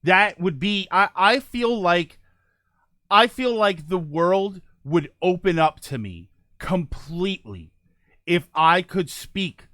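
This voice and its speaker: A man with a high, animated voice hosts a casual live stream and talks straight to his viewers. He rambles and corrects himself as he goes. The sound is dry and close, with no room around it. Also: no echo. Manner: rambling, self-correcting, reads chat aloud. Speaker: livestream host.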